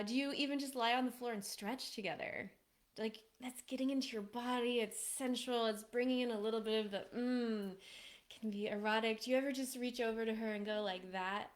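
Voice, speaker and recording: A relationship coach addresses a live audience in a mid-range voice. She's casual and animated and laughs often, occasionally acting out quoted lines in playful voices.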